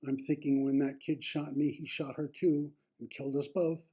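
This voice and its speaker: A man reading his own memoir aloud, slow and deliberate in the first person. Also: on the high side, little pitch movement, warm tone, breathy edge.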